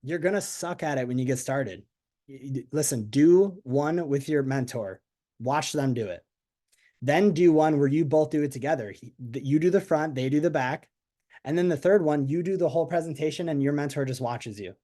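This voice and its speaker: A man leading a network marketing team call on a video call, energetic and chatty, asking the audience questions. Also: a little high, normal speed. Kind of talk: motivational team call talk.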